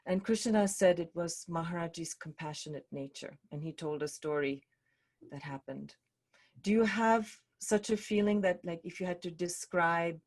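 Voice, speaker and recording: A woman with a fairly low voice hosts an online group talk and poses a question to her guests. She searches for her words as she goes, with small fillers along the way. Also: darkish tone. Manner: asks questions with hesitant fillers. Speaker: moderator. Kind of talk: hosting an online conversation. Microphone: video call.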